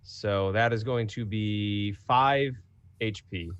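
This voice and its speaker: A man's voice: fairly low pitch, takes it slowly, clean tone, no room sound, lo-fi sound. A man playing a tabletop role-playing game, describing his character's moves and checking rules. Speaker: player.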